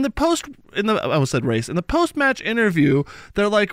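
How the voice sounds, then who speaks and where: Animated man chatting sports. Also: high-pitched, brisk, few pauses, dry recording, clean studio sound. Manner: animated, laughing storyteller. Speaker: podcast co-host. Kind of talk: casual sports chat.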